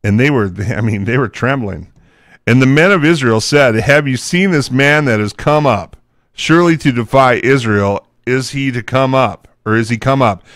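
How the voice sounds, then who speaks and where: A man's voice: medium pitch, moderate pace, a bit bright, dry recording, studio quality. A man teaching from the Bible, reading scripture aloud and breaking into casual, chatty asides.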